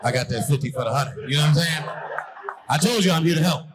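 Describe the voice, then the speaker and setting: A man's voice: fairly high pitch, quick pace, low-quality recording. A man from Brooklyn doing a profane, conversational stand-up set on a live stage. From Brooklyn, New York. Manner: profane, conversational, punchy delivery. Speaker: stand-up comedian. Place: live comedy stage with audience. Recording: live show with loud crowd.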